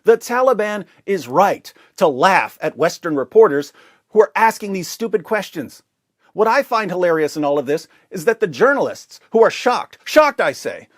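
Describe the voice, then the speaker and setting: A man delivers a mocking, sarcastic monologue and piles on rhetorical questions. His voice sits high and rises and falls in lively swings. The sound is dry and close, with no room echo. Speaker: commentator. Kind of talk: polemical video commentary.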